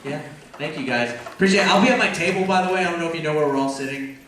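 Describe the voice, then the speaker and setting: A man's voice: a little high, very fast, a bit bright, slight background noise. A man from Texas telling a rambling, profane story on a convention panel, laughing often. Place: convention hall before an audience. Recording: echoey hall, mic far off, crowd.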